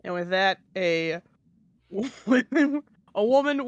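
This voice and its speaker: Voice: mid-range voice, sing-song, slow pace, dry recording. A game master narrating a tabletop game, describing scenes with some hesitation and fillers.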